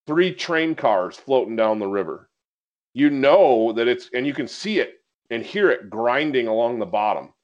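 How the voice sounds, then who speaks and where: A man hosting a podcast, telling a story in casual conversation and getting animated as he recounts it. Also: mid-range voice, lo-fi sound. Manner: animated storyteller, gets excited recounting events. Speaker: podcast host.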